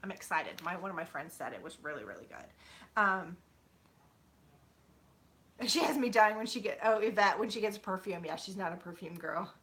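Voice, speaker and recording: A woman's voice: on the low side, animated, normal speed, pauses often, fairly bright tone. A woman in her thirties chatting casually with viewers at home, rambling with many fillers. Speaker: YouTuber. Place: home, sitting on a bed.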